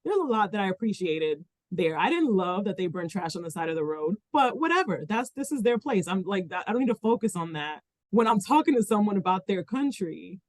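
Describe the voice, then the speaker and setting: Very animated and a little fast, this mid-range voice belongs to a Dominican woman co-hosting a relaxed podcast conversation. She rambles, restarting often and filling gaps with "like," and the recording has no room sound.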